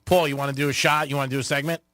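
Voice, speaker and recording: A man's voice: medium pitch, flat delivery, rapid-fire, pushed and bright, no echo. A male radio host chatting with a guest and telling self-mocking stories. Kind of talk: radio interview chat.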